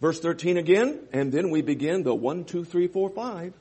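A man preaching a sermon, reading scripture and explaining it, with loud emphatic stresses and quieter asides. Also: on the high side, lively intonation, normal speed, husky. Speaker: pastor.

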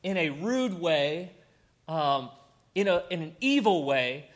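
A man's voice: on the high side, lively intonation, slow. A middle-aged man preaching a sermon in an earnest, conversational way, with personal stories. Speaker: pastor.

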